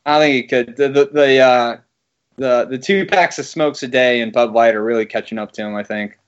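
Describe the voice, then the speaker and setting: A man's voice: medium pitch, a little fast, clean tone. A young man casually chatting on a podcast, crude and joking and swearing freely. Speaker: podcast co-host. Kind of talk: casual chat. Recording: slightly dull sound.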